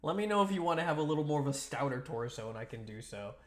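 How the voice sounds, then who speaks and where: A man's voice: a little high, lively intonation, quick pace. A young man chatting on a livestream while sculpting clay dolls, teasing viewers in a rambling, playful way with lots of restarts and laughs. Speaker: streamer.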